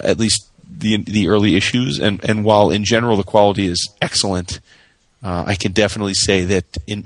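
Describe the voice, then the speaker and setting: Low-voiced man making podcast announcements. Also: no room sound. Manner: measured, earnest, plugs pre-orders. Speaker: podcast co-host. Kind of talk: casual chat with announcements.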